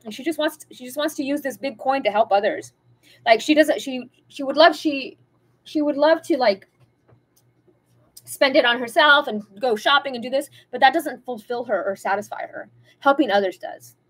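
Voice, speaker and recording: A woman's voice: high voice, moderate pace, husky. A woman giving a casual pick-a-card tarot reading, talking in a chatty, rambling, spiritual way straight to her viewers.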